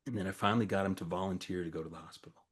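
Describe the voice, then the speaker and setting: A man's voice: deep voice, fairly even intonation, very fast, breathy edge. A man in his forties casually telling a story to a small group, acting out the dialogue as he goes. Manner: conversational, acts out quoted dialogue, frequent fillers. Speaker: storyteller recounting a campus crisis.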